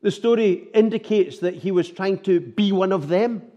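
A man's voice: high voice, normal speed, dull audio. A man preaching a sermon, earnest and full of rhetorical tag questions.

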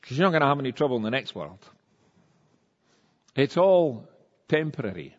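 A man preaching a sermon in a conversational, animated way, acting out the quotes he tells. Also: mid-range voice, normal speed. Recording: dull sound with long reverb in a church hall.

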